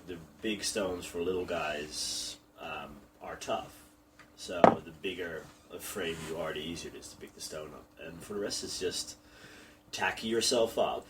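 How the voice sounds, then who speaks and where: A man chatting casually on a podcast, laughing easily and explaining strongman technique. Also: deep voice. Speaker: strongman coach and podcast co-host. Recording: distant from the mic, faint background noise.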